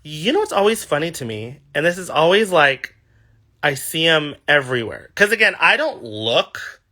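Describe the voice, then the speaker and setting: Animated, bright-voiced man in his thirties. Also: fairly high pitch, moderate pace. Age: 30s. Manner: animated, gushing, sassy. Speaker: livestream host answering fan questions. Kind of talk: casual livestream chat.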